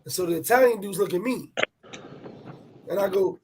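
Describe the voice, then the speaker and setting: A man telling a personal travel story in animated, profane street talk, repeating words as he goes. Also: high voice, moderate pace, a little hiss or hum. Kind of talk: casual storytelling chat.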